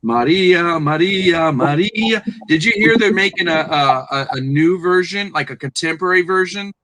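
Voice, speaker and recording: A man co-hosting a casual livestream chat, who talks excitedly and hypes up the viewers in the chat. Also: sits high, brisk, noisy background. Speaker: podcast co-host.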